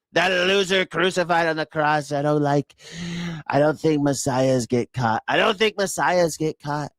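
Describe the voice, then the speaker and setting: A man's voice: on the high side, fairly bright tone, no echo, studio quality, voice pushed up. A man voicing a whiny, self-pitying man-child politician in a mock babyish whine.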